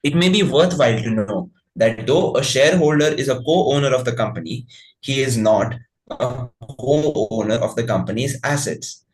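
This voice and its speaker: A man reading legal definitions aloud in a steady, formal way. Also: medium pitch, moderate pace, low-quality recording.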